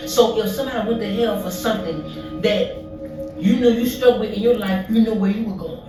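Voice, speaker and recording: A speaker recounting a vivid dream in a halting way, with many restarts and fillers, heard as a played recording. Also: medium pitch. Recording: echoey, distant, with music behind.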